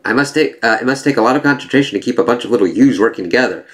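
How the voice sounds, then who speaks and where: A man voicing an earnest, friendly young male superhero in quick, plain delivery. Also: medium pitch, lively intonation, a bit bright, close to an everyday voice.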